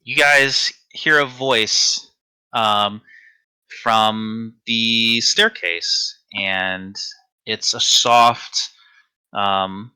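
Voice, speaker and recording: Brief: male game master, very bright and clear voice, easy, halting narration. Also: on the low side, poor audio. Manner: relaxed, hesitant with frequent fillers. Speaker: dungeon master.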